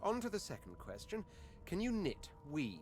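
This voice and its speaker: A man's voice: high-pitched, wildly swooping pitch, normal speed, darkish tone, slight background noise. An actor playing a haughty, aristocratic male lizard prince in a video game, speaking in a pompous, drawling, condescending way.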